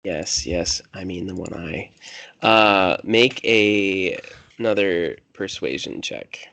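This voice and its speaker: A man running a tabletop game as game master, narrating in a relaxed, hesitant way with fillers. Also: low-pitched, slow pace, creaky.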